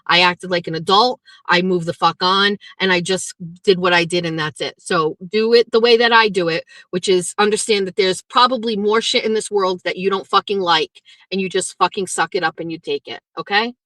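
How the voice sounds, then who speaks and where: Middle-aged woman host, blunt and profane, bright forceful voice, dry close sound. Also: fairly low pitch, moderate pace, few pauses, dry recording. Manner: blunt and profane, ranting then chatty. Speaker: livestream host. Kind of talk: casual livestream chat reading viewer comments.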